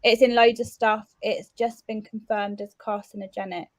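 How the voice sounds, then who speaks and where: A woman's voice: medium pitch, flat delivery, normal speed, dry recording. A woman co-hosting a casual chat, speaking hesitantly with trailing ums. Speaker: podcast co-host.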